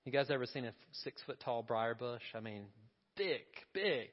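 A man's voice: mid-range voice, expressive, moderate pace, big-room sound, muffled recording. A male pastor preaching a sermon in a conversational way, asking the congregation questions and adding asides.

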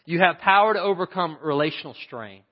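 A man's voice: a little high, lively intonation, brisk, big-room sound, muffled recording. A man preaching a sermon in a church, with emphatic rhetorical questions. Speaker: pastor. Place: church sanctuary.

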